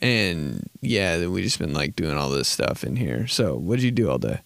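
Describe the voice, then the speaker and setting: A young man on his own podcast, riffing in a rambling, self-mocking, profane way, full of "like" and quick laughs. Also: low voice, big pitch swings, vocal fry, a bit bright, no room sound, studio quality. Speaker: podcast host. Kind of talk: casual comedic storytelling.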